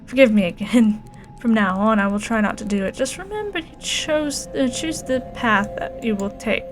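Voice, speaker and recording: A woman voicing a calm, measured mystical spirit in a game. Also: on the high side, faint music behind, close to an everyday voice. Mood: serene.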